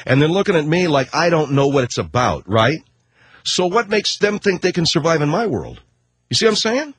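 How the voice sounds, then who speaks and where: Middle-aged male talk host, rambling sarcastic comic rant, husky and very animated in pitch. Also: moderate pace, no echo. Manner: rambling, sarcastic, swears casually, self-interrupting. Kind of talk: comedic rant monologue.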